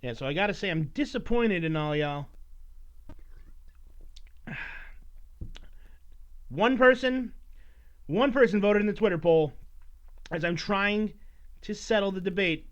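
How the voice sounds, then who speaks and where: On a dull lo-fi recording, a solo podcast host rambles profanely and teases his listeners with mock scolding. His high, slightly bright voice has lively intonation and a measured pace broken by long pauses.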